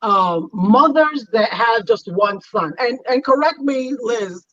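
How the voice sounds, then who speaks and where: A woman's voice: a little high, expressive, slow pace, fairly bright tone, lo-fi sound. A middle-aged woman who hosts a chat show and tells a personal story with animation, acting out quoted lines. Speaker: host.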